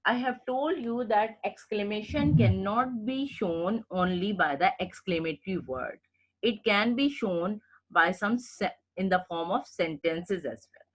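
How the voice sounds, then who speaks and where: A woman's voice: medium pitch, a bit bright. A woman giving a recorded English grammar lecture, explaining patiently and repeating points, often checking in with "okay?". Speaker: English teacher.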